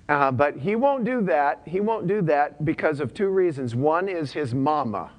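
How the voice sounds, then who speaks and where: A man's voice: a little high, animated, normal speed, hardly any pauses. A pastor delivering a conversational sermon, often repeating his points and using casual slang.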